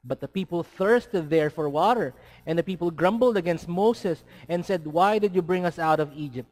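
Emphatic high-voiced preacher. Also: male voice, moderate pace, a little mellow. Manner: emphatic, rhetorical questions, mixes in Tagalog words. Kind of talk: sermon.

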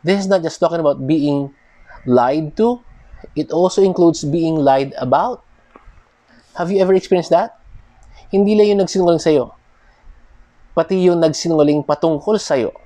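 Filipino man preaching with slow emphasis. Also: fairly high pitch, dark tone, dry recording. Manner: switches between slow emphatic reading and quick asides. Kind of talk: sermon.

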